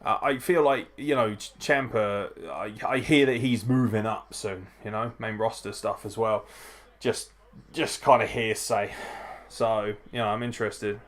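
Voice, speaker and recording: A man's voice: on the low side, normal speed. Tipsy, swearing man hosting a watchalong. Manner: profane, chatty, frequent swearing. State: tipsy from drinking. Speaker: wrestling podcast host. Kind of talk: live watchalong commentary.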